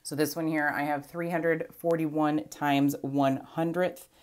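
Very low-voiced woman teaching math. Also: little pitch movement, measured pace, a little mellow. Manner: patient step-by-step explaining, counting aloud. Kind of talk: recorded math lesson.

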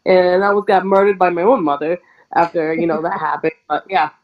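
Woman, pro wrestler guest, lowish voice, casual storytelling, chatty, animated. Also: a little fast, muffled recording. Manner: chatty, animated, many "like"s and laughs.

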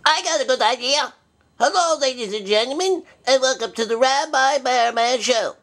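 A man's voice: moderate pace, gravelly, fairly bright tone, exaggerated voice. A man voicing a forgetful, cranky old male bear rabbi who hosts a puppet comedy show, bumbling and stubborn. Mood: indignant. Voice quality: high-pitched, bumbling and cranky. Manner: forgetful, stubborn, easily flustered. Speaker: show host.

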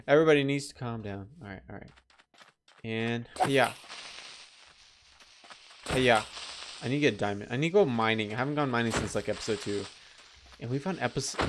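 A man talking through his own survival gameplay in a middle-pitched, casual voice. He rambles at an easy pace, then panics into sudden high-pitched yelps. A faint hiss sits under the recording. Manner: chatty, excitable, breaks into high-pitched yelps. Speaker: gameplay let's player.

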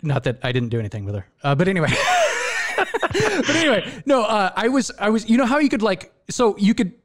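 Man, podcast host, high voice, swooping intonation, rambling restarts. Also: sing-song, fast. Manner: encouraging, rambling, restarts often. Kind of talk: casual chat.

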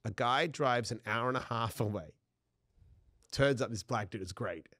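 Male podcast guest, lively storyteller who laughs through his lines, dry close-miked sound. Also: mid-range voice, moderate pace, dry recording. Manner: animated, laughs often mid-sentence; acts out dialogue in his stories. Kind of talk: personal storytelling.

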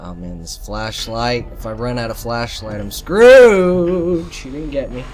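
A man commentating a horror game while losing his voice, joking with the characters and yelping loudly at scares. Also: medium pitch, lively intonation, unhurried, soft background music. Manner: jokey banter with game characters, yelps and shouts at jump scares. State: losing his voice, a bit sick. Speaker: gameplay commentator.

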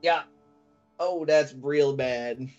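A man's voice: a little high, very slow, darkish tone, faint music behind. A man playing a tabletop game, casual and self-deprecating. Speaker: player. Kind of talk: casual chat. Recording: muffled lo-fi audio.

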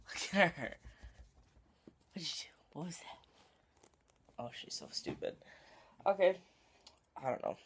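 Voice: mid-range voice, creaky, slight background noise. A vlogger chatting casually at home into a handheld phone, rambling, giggling and often dropping to a whisper.

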